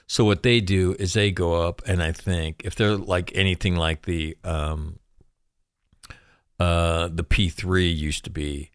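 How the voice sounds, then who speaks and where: Low-voiced sarcastic man, dry sound. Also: fairly even intonation, measured pace, smooth, dry recording. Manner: sarcastic, profane asides, jokey. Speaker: military news commentator, former Marine. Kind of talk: casual news commentary.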